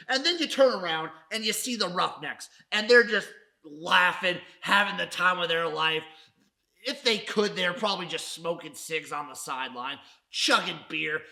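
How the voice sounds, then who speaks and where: Brief: male sports podcast host, profane mock-dramatic ranter, bright tense voice. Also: high voice, vocal fry. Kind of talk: casual sports recap rant.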